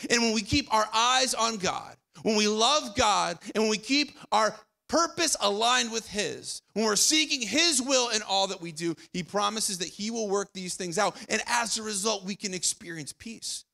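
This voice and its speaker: A young man preaching a sermon as pastor, conversational, repeating phrases and dropping quiet for emphasis. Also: high voice, animated, moderate pace, creaky, few pauses. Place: church auditorium.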